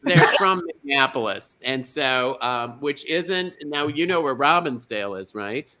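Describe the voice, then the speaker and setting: A man's voice: mid-range voice, animated, a little slow, sharp tone. A man playing a chatty middle-aged small-town lady who hosts a comedy bingo show, gushing and rambling, tripping over names, on a video call. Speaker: host. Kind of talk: comedic drag character hosting.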